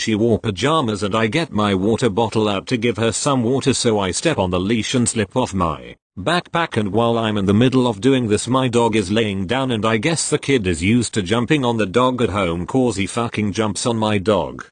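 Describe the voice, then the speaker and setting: Low-pitched guy reading out posts, steady even delivery, dry close sound. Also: moderate pace, hardly any pauses, no echo. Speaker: reader of online posts. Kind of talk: scripted narration.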